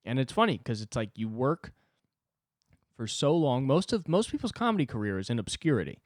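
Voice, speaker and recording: A man in his twenties hosting a solo comedy podcast, talking self-deprecatingly and swinging between loud outbursts and low muttering. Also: very animated, brisk, dry recording, clean studio sound. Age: 20s. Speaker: podcast host.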